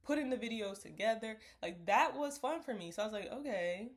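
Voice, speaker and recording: Chatty young woman vlogger, slightly high voice. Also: animated, a little fast. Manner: rambling, reflective, laughs often. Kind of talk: casual talk to camera.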